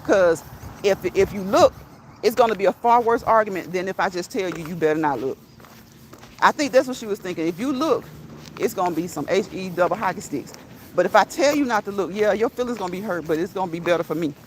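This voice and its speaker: A woman chatting to her viewers as she walks outdoors, animated and quick to laugh. Her voice sits at a middle pitch for a woman. A faint background hiss runs under her talk. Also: rough recording. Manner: animated, laughs often, addresses viewers as y'all; reads live chat comments aloud. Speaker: vlogger. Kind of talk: casual storytelling while walking. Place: outdoors on a walk.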